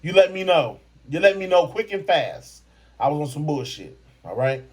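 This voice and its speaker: A man's voice: a little high, sing-song, moderate pace, slightly rough. A man from Michigan hosting a podcast, delivering a profane, brash, mocking comedic rant. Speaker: podcast host.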